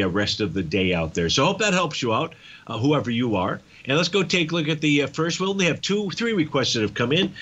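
A man's voice: mid-range voice, fairly bright tone, lo-fi sound. A man hosting a trading show, methodically walking through chart levels in live market commentary with frequent fillers.

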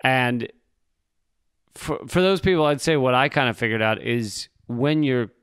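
Guy on a podcast, smooth clear voice, dry close sound, wry and explainy. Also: medium pitch, a little slow, fairly bright tone, no room sound. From Virginia. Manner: explaining, wry, occasional swearing. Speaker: podcast co-host. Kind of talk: casual chat.

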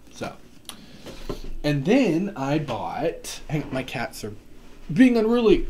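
A man talks casually and eagerly about new books, his voice in an ordinary middle pitch. He rambles with fillers and quick asides. It sounds like a home video recorded on a camera mic. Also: slight background noise. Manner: chatty and excitable, many fillers and asides. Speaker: book vlogger. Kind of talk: casual book haul chat. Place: home room.

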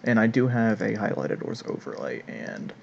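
A man's voice: lowish voice, very animated, normal speed, vocal fry, darkish tone, a little hiss or hum. A nineteen-year-old man chatting casually over gameplay, laid-back and a bit hesitant. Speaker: gameplay video co-player. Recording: dull lo-fi mic.

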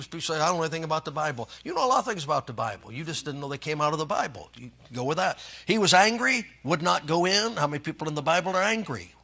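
A man's voice: a little high, bright, forceful tone, breathy edge. A man preaching a sermon as pastor, reading scripture and joking in a folksy way.

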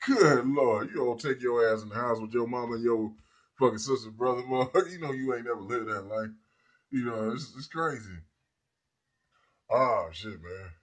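A man's voice: medium pitch, normal speed. A man delivering a rambling, profane comedic rant to his viewers. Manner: profane, rambling, laughs at people. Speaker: vlogger.

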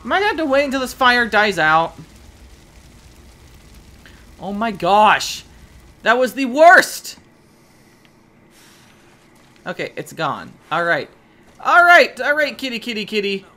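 A woman casually commenting as she plays a video game, chatty and excitable, shrieking at sudden scares and coaxing a pet in baby talk. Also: fairly high pitch, slow, pauses often. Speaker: gaming video host. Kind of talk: casual let's-play commentary.

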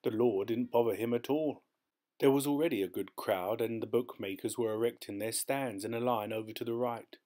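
A man narrating a short story as an audiobook in a steady, measured way. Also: mid-range voice.

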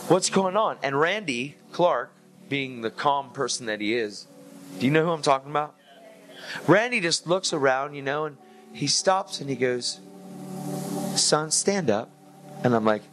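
A man preaching an energetic sermon, telling his testimony in a casual way, full of "dude" and "like" and acted-out dialogue. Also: medium pitch.

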